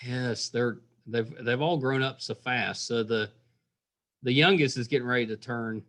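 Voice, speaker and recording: A middle-aged man with a West Virginia accent, hosting a casual podcast interview, friendly and quick to laugh. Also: medium pitch, fairly bright tone. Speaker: podcast host.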